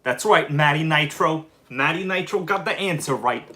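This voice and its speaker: A man hosting a casual live stream and chatting with his audience, animated and quick to flare up with irritation. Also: on the high side. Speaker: livestream host.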